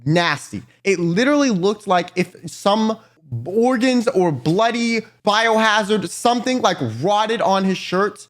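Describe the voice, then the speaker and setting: Animated high-voiced man telling a story. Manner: animated, swears often. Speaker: vlogger. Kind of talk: storytime vlog.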